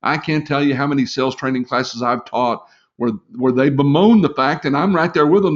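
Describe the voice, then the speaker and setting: A middle-aged man training salespeople in a live webinar, chatty and encouraging, with lots of fillers. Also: mid-range voice. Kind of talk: casual live webinar talk. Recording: slightly dull lo-fi webinar audio.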